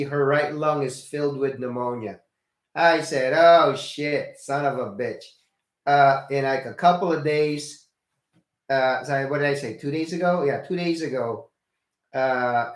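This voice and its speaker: An older man, a nurse from the Philippines, giving a rambling casual video update full of fillers and blunt swearing. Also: mid-range voice. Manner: rambling, many fillers and restarts. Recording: echoey room.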